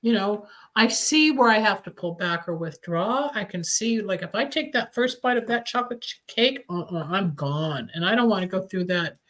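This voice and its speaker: This radio talk show host, recorded in a Los Angeles studio, talks candidly and rambles casually about recovery, coughing from time to time. Her mid-range voice is fairly bright and moves at normal speed with few pauses, though the audio quality is low.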